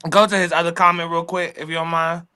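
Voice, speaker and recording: A co-host on a casual livestream speaks with a bright tone and a mid-range pitch. They tease their partner playfully and read viewer comments aloud. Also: flat delivery, quick pace, clean tone. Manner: teasing, reads out viewer comments.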